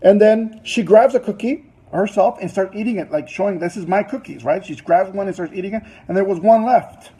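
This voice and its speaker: A man tells a rambling story to a business audience in a fairly high, husky voice. His tone is mellow rather than bright, and his telling is loose and chatty, full of fillers and asides. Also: fairly quick, hardly any pauses, rough recording. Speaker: business presenter.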